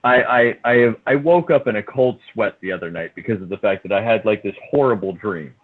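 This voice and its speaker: A man's voice: lowish voice, fairly quick. A man hosting a casual podcast, rambling and stumbling over his words as he jokes around. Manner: rambling, repeats words, mock accents. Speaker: podcast host. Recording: phone-like lo-fi audio.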